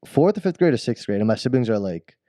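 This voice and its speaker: A podcast co-host with a warm, mid-range voice talks fast and very animatedly about his childhood, rambling, cutting himself off, and laughing at his own story. The studio-quality recording has no echo.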